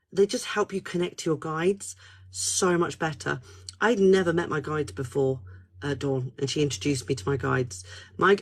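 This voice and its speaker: Spiritual counsellor woman, casual live-stream host, chatty and swears a lot. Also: on the low side. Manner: chatty and animated, swears freely.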